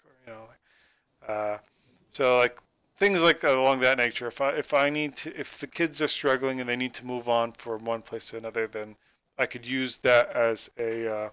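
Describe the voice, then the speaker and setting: A man explaining tabletop game rules as game master, rambling and halting with many fillers, talking into a computer mic on a call. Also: medium pitch, a bit bright, clear, resonant tone, no echo.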